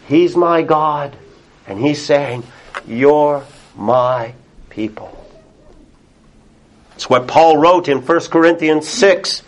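A male pastor delivers a sermon in a noticeably high voice. He speaks slowly and deliberately, leaning on key words with earnest emphasis and soft laughs between points.

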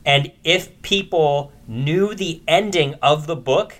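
Casting: man, slightly higher voice, animated casual podcast co-host, swears freely. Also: slow. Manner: animated, profane, quotes movie lines with big shouts. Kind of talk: casual chat.

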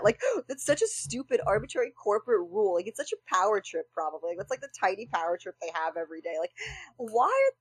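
A woman's voice: medium pitch, sing-song, quick pace, breathy edge, rough recording. A young woman co-hosting a casual podcast, joking, laughing and swearing freely. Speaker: podcast co-host. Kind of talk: casual chat.

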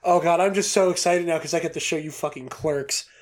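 A man co-hosting a podcast, reading a news story aloud in a casual, excitable way, laughing often and swearing casually. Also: on the high side, a little fast. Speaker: podcast co-host.

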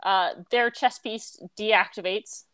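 A woman's voice: medium pitch, fairly even intonation, slow pace, bright, forceful tone, smooth. A woman narrating as game master of a tabletop game, casual and laughing often.

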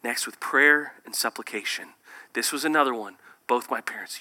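A man preaching a sermon, swinging between loud emphatic bursts and hushed, near-whispered lines. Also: medium pitch, normal speed. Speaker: pastor.

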